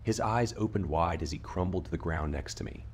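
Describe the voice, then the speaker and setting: Deep voiced guy reading a scary story, steady pace, faint rain behind. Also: a little fast, slight background noise. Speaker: narrator. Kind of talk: scripted horror narration. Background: faint rain ambience.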